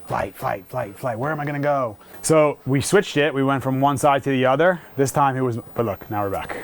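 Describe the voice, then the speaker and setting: A man in the middle of a live training session, talking through each step in a relaxed, conversational way at a middling pitch. He keeps explaining to the owner, then breaks off for quick praise to the dog before picking the point back up. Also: a little hiss or hum. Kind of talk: casual instructional talk.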